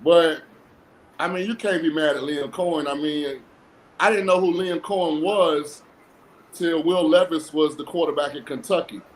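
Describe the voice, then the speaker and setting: A man's voice: fairly high pitch, moderate pace, slight background noise, low-quality recording. A man appearing as a guest on a sports talk show, giving blunt, sarcastic takes in a casual way. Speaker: guest football analyst. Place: lives in a cold-weather state.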